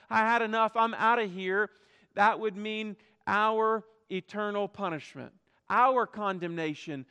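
A man preaching a sermon with passion, swinging between loud emphasis and quiet, drawn-out stresses. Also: high-pitched, smooth. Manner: impassioned, acts out quoted voices, drops to quiet emphasis. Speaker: pastor. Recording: reverberant hall.

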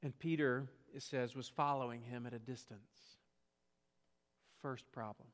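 A man with a Southern US accent from South Carolina preaching a sermon, swinging from hushed, low passages to loud, emphatic rhetorical questions. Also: steady tone, measured pace, in a large hall. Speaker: pastor.

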